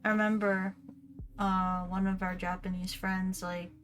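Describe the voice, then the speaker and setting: A woman's voice: medium pitch, unhurried, faint music behind. A woman co-hosting a casual stream, telling anecdotes animatedly with frequent laughter. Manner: laughs often, animated when retelling. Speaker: co-host. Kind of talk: casual storytelling chat.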